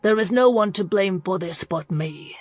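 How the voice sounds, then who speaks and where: A woman reader voicing a guilt-ridden young aristocratic gentleman, speaking softly and with restraint. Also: animated, moderate pace, no room sound, soft background music, natural voice. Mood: restrained. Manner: low, soft, restrained delivery.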